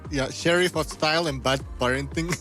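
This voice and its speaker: A man's voice: fairly high pitch, fairly even intonation, moderate pace, a bit bright, faint music behind. A man co-hosting a podcast, reading news items aloud and joking in casual chat. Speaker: podcast co-host.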